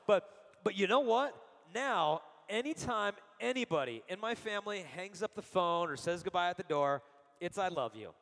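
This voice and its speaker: A man's voice: high-pitched, normal speed, big-room sound. A middle-aged man giving a sermon full of personal stories, acting out the quotes he tells. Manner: animated storyteller, acts out quotes. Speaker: speaker giving a Catholic talk.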